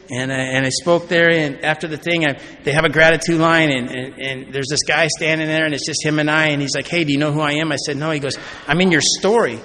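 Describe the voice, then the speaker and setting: A man's voice: on the high side, bright, forceful tone. A man from Oregon giving a personal recovery talk at a convention. He tells his story by acting out conversations and often checks in with the crowd by asking "right?". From Oregon, USA. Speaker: recovery meeting speaker. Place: large convention hall. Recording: long hall reverb, faint background noise.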